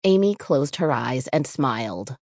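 Low-voiced woman reading a spooky storybook. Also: dry recording, clean studio sound. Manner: measured, expressive reading with character voices. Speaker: audiobook narrator. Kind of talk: scripted storybook narration.

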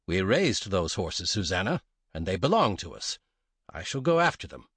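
A man's voice: low-pitched, big pitch swings, normal speed, a bit bright, husky, no echo, full character voice. Man playing a stiff, proper greenhorn settler. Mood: resolute.

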